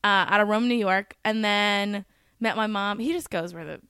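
A woman in her thirties, a comedian guest in a casual podcast chat, candid and quick to laugh, swearing freely. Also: medium pitch, bright, forceful tone, smooth, dry recording, clean studio sound. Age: 30s.

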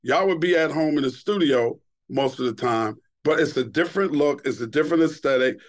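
A middle-aged man from Queens spins a long, profane tale in casual podcast talk. His voice sits a little high for a man, and he tells it with lively energy. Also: fairly quick. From Queens, New York. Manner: profane, animated storyteller. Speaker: guest, radio DJ.

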